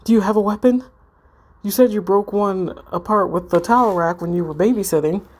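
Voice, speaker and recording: A woman's voice: mid-range voice, brisk, a little mellow, close to an everyday voice. A woman reading the lines of a worried, loyal teenage girl who keeps asking urgent questions.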